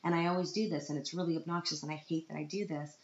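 Chatty low-voiced woman from Canada. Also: steady tone, fast, echoey room, dull audio. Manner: chatty, self-mocking, laughs often. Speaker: vlogger, autism group organiser. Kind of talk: casual storytelling vlog.

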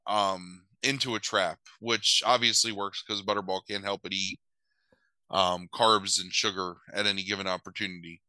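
A man's voice: low-pitched, fairly even intonation, normal speed, sharp tone, no room sound, low-quality recording. A man recapping a movie in a loose, sarcastic chat, swearing casually and using many filler words.

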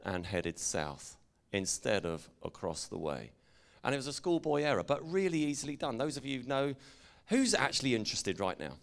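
English man preaching, jokey storyteller who teases the room, easygoing mid pitch. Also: fairly bright tone. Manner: playful, jokey, engages the audience. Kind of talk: storytelling sermon to a congregation.

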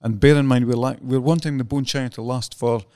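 A man's voice: mid-range voice, steady tone, fairly quick, darkish tone, no room sound, studio quality. A man with a Dundee accent, hosting a podcast and chatting in a teasing, emphatic way. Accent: Dundee Scottish. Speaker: podcast host. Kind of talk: casual chat.

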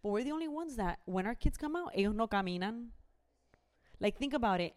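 Animated young woman mixing in Spanish. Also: on the high side, brisk. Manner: animated, switches into Spanish phrases. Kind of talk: casual chat.

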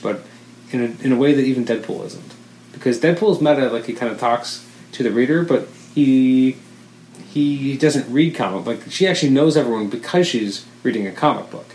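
A podcast co-host with a middle-pitched male voice wanders enthusiastically through a relaxed chat, correcting himself along the way. The room lends a spacious echo over faint background ambience, with a little hiss or hum.

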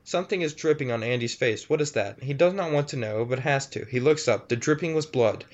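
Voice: medium pitch, a little fast. A casual reader who giggles and stumbles over words while reading a scary story aloud to friends, on a lo-fi recording.

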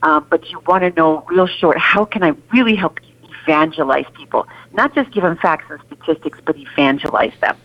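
A woman's voice: deep voice, fairly quick. A woman guest speaking earnestly and emphatically on a call-in radio interview. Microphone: phone. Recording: muffled phone line.

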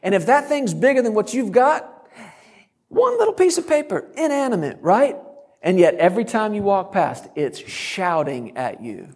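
A middle-aged man preaching a sermon, telling a story and breaking into sudden loud shouts. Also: high voice, very animated, normal speed, breathy edge, long reverb tail. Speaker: guest preacher.

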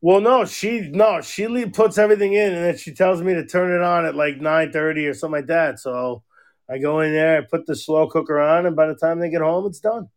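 Man, high-pitched, gravelly, podcast co-host, profane, rambling storyteller. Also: brisk. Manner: profane, rambling storyteller, acts out quoted voices. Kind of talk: casual chat.

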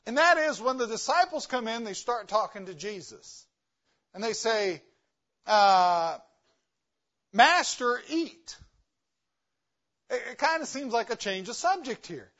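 A man's voice: high-pitched, very animated, normal speed, dull audio. A man, a guest missionary preacher, giving an emphatic sermon full of rhetorical questions. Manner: emphatic, rhetorical questions, varies loudness for stress. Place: church.

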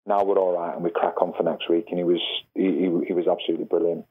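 Fast and husky, this ex-footballer, a podcast guest, spins dressing-room stories and does the voices of the people he quotes, his pitch climbing as he acts them out. It's animated anecdotal storytelling, heard over a phone-line quality recording.

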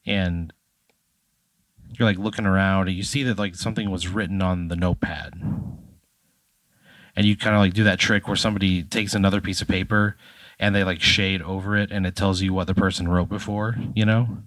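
A man's voice: low-pitched, fairly even intonation, a little fast, fairly bright tone, no echo. A man narrating as game master in a comedy tabletop game, loose and chatty with many fillers.

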